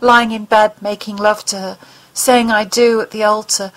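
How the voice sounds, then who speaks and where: A woman's voice: medium pitch, little pitch movement, normal speed, low-quality recording. Woman reading a dramatic audiobook. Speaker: audiobook narrator. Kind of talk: audiobook narration.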